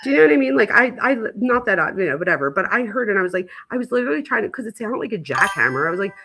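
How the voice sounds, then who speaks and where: A woman's voice: mid-range voice, big pitch swings, rapid-fire, background noise. A woman in her thirties hosting a casual chat, telling stories in a chatty way full of filler words. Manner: chatty storyteller, lots of "like" fillers. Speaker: host.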